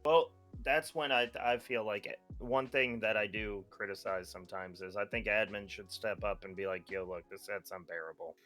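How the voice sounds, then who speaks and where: A man co-hosting a casual gaming podcast, speaking bluntly and joking, quick to laugh. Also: fairly low pitch, fairly even intonation, fairly bright tone, soft background music. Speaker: podcast co-host.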